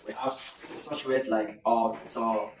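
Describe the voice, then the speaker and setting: A Nigerian man teaching at a board who explains patiently and repeats himself for emphasis. His voice sits at an ordinary pitch and is picked up from across a roomy classroom, with a faint hiss under it. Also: fairly even intonation, unhurried. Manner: explanatory, repeats phrases, many fillers. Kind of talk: classroom exam tutorial. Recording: roomy, distant camera mic with faint hiss.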